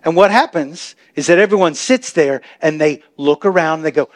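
A man preaching a sermon as pastor, talking to the congregation in a chatty way and building to impassioned shouts. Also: a little high, moderate pace, hardly any pauses. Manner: impassioned, rising to shouts, conversational asides to the congregation. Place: church sanctuary.

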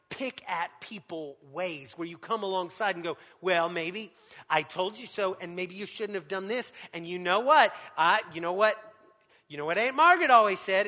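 Man preaching, middle-aged, high voice, long hall reverb, emphatic then hushed. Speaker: pastor. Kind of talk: sermon.

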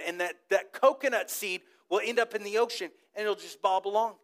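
Pastor, male, high-pitched, lively sermon storyteller who gets the crowd to echo him. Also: fast talker, few pauses. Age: adult with a child old enough to talk. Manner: animated storytelling, asks the congregation to repeat words.

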